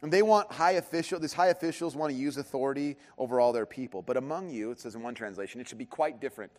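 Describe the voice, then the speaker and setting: A pastor giving a conversational sermon with joking asides. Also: male voice, medium pitch, quick pace, darkish tone. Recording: long hall reverb.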